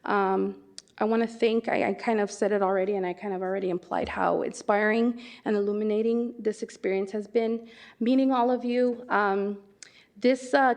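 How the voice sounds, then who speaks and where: Woman commissioner, gravelly voice, halting filler-laden meeting report. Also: mid-range voice. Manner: hesitant, full of fillers. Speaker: parks commissioner. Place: city council chamber.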